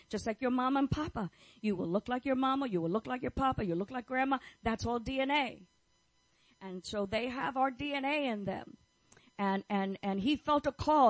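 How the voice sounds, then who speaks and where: A middle-aged woman, a pastor's wife, preaches a fervent sermon, declaring and repeating phrases as she prays over her listeners. Her mid-range voice has a breathy edge, and the recording is dry and rough.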